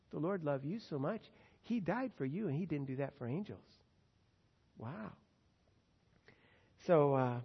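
An older man preaches with earnest feeling, his voice swelling loud on the words he stresses. The sound is muffled and lo-fi, ringing out in a long hall reverb. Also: medium pitch, gravelly, slightly rough. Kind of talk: sermon.

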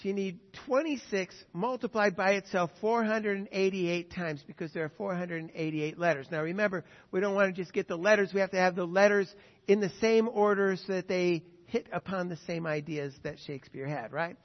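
A man preaching a sermon with an animated, emphatic delivery, often acting out quotes. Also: high voice, a little fast. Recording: dull lo-fi sound with long reverb.

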